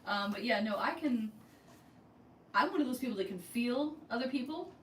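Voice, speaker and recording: A woman's voice: a little high, lively intonation, normal speed, fairly bright tone. A woman co-hosting a casual podcast chat, telling stories and acting out the dialogue. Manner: chatty storyteller acting out quoted dialogue. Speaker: co-host of a theme park vlog channel. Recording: echoey room, mic far off, faint noise.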